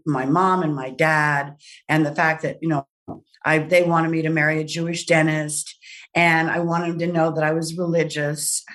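Older woman telling an animated story, a bit distant. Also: fairly low pitch. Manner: animated anecdote with laughs and quoted voices. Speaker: guest. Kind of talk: storytelling in a podcast interview.

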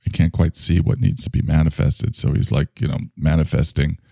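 A man's voice: a bass voice, steady tone, fairly quick, gravelly, warm tone, dry recording, studio quality. A man hosting a casual solo podcast monologue, rambling and self-mocking while in back pain. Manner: rambling, self-mocking, swings between grumbling and enthusiasm. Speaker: podcast host.

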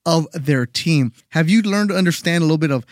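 A man's voice: a little high, a little fast, dry recording, studio quality. Upbeat man hosting a sports podcast. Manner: energetic, upbeat hype in intro, then conversational questions. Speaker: podcast host.

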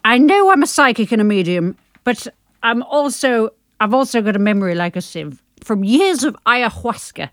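Woman playing a bossy psychic author, theatrical and exasperated; lively, slightly high voice, dry mic. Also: moderate pace, dry recording. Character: self-important woman psychic author, brash and impatient. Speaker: podcast host. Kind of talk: improvised comedy podcast.

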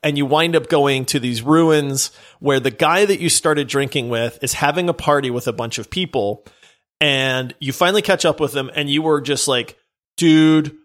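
A male podcast co-host in casual chat, telling an excitable story and acting out scenes. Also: mid-range voice, normal speed. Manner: excitable, acts out scenes in voices.

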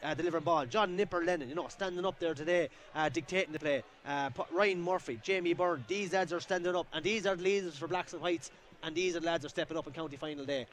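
An Irish man gives rapid co-commentary analysis at a hurling match. He talks in a fairly high voice and rambles, piling up restarts and fillers as he works through his points. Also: fairly bright tone. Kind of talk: live sports analysis. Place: outdoor sports ground.

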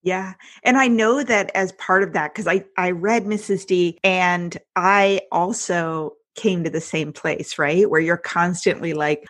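A woman hosts a podcast interview in a chatty, enthusiastic manner. Her voice sits on the lower side. The recording is close and dry. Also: steady tone, a little slow, few pauses, a bit bright, no echo. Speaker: podcast host.

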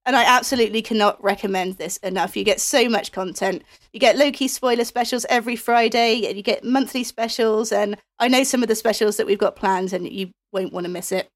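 A woman co-hosting a casual gaming podcast, reading schedule announcements briskly and brightly. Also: fairly high pitch, fairly even intonation. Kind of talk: casual chat.

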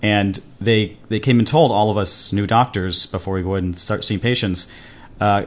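A man, a doctor and podcast co-host, telling a personal story with many pauses and restarts. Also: on the low side, fairly even intonation. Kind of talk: casual podcast chat.

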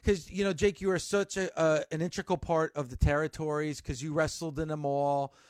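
A man hosting a wrestling radio podcast, energetic and announcer-like when he opens the show. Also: a little high, fairly quick, no room sound, clean studio sound. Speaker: podcast host.

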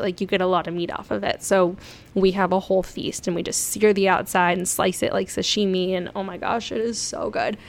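A young woman from South Florida telling stories casually to her viewers, chatty and excitable, laughing often. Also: fairly low pitch. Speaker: vlogger. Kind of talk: casual storytelling.

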